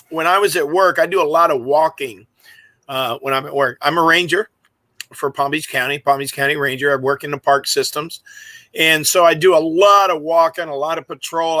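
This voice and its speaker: A man with a fairly high, bright, forceful voice, chatting casually as a podcast co-host. He tells long personal stories and laughs easily. His voice comes through dry and close on a video call. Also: no room sound, rough recording. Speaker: podcast co-host and park ranger. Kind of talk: casual chat.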